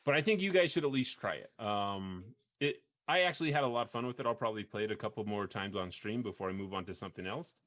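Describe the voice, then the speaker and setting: A man hosting a video game podcast in casual chat, rambling with frequent restarts and quick laughs. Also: on the low side, expressive, a bit bright. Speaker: podcast host.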